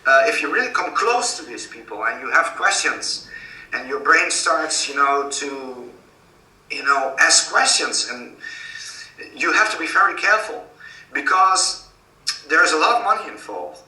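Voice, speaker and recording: A man's voice: a little high, animated, unhurried, bright, forceful tone. A man with a Dutch accent giving earnest, urgent warnings in a remote interview, with many fillers. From Netherlands. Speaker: guest. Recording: roomy, distant call audio.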